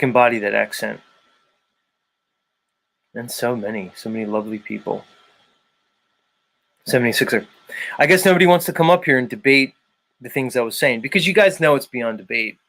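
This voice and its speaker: With vocal fry and a pushed, bright sound in a mid-range voice, this livestream host keeps the chat casual. He calls out chat names as he goes and gets argumentative about his views.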